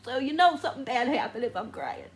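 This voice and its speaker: A woman's voice: on the high side, very animated, fast talker, slight background noise. A woman book vlogger talking casually and emotionally, crying and laughing through tears as she talks to the camera. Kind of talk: casual reading vlog.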